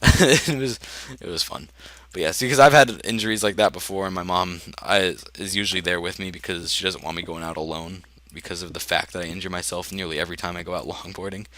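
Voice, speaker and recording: A teenage boy tells stories while he plays a game, filling his talk with ums, restarts and laughter. His voice sits fairly low but sounds bright and forceful, with an easy, rambling flow. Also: fairly even intonation, fast talker, dry recording. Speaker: gaming video host. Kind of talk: casual storytelling while playing.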